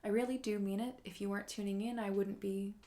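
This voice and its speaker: A woman hosting her own livestream concert, closing it out casually and quickly, rambling and thanking her viewers again and again. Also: medium pitch, steady tone, dark tone. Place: home streaming setup.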